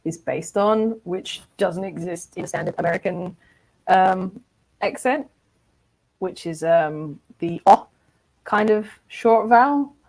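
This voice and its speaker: A woman's voice: medium pitch, slow, darkish tone, low-quality recording. A woman co-hosting a casual podcast, explaining things in a thoughtful way. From Britain. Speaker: podcast co-host. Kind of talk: casual chat.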